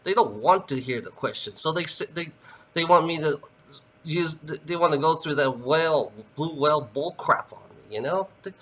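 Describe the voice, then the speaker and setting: Male, slightly high, very animated pitch, bright forceful tone; heated profane solo rant. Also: creaky. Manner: heated, profane, repeats "you know" often. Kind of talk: ranting monologue to camera.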